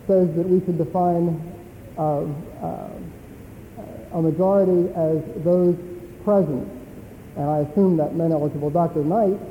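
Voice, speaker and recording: A man's voice: sits high, a little hiss or hum. A man who is a teaching elder, raising a point of order in debate, hesitant and full of fillers. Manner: hesitant, filler-heavy argument. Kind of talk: floor debate. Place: large assembly hall. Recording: tinny, echoey hall audio.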